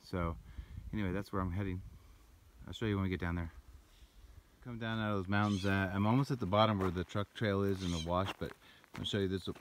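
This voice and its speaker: A hiker vlogger with a deep, steady voice talks briskly on a mountain trail, recorded on a handheld camera while walking, with slight background noise. In this casual vlog he rambles, grows breathy while climbing, and points out the route.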